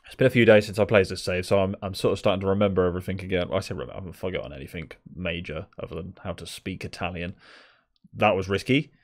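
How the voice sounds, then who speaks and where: Young man, low-pitched, doing chatty live gameplay commentary, exasperated and talking at the screen. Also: steady tone, racing. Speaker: gaming video creator.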